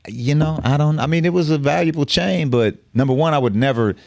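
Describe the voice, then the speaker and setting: A man's voice: on the high side, fairly quick, vocal fry, darkish tone, dry recording, clean studio sound. A middle-aged man from the Bay Area, a guest telling his story in a blunt, profane, streetwise way. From San Francisco Bay Area. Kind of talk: casual storytelling interview.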